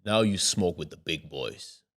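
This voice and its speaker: A man voicing a mocking male demon in a low, hushed, cackling tone while retelling a story. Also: lively intonation, a little slow, full character voice. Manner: low, quiet, cackling taunts.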